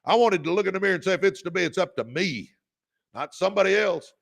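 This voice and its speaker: A man's voice: high-pitched, animated, fast talker, vocal fry. A man hosting a motivational livestream, urging viewers on in a revved-up, preacher-like way. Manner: revved-up preacher-like exhortation, calls out viewers by name. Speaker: podcast host.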